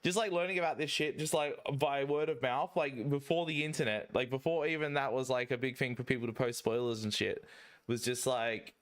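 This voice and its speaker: A man, chatting casually while streaming a speedrun, rambling and excitable with lots of swearing and fillers. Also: mid-range voice, brisk. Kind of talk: casual chat while playing. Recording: game music playing behind. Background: video game music.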